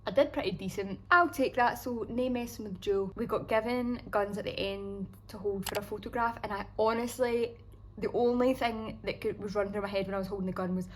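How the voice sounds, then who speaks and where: A woman's voice: mid-range voice, a little fast, slight background noise, rough recording. Chatty young Scottish woman vlogging. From Scotland. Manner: chatty and upbeat, with frequent "like" fillers. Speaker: travel vlogger. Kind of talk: casual travel vlog chat.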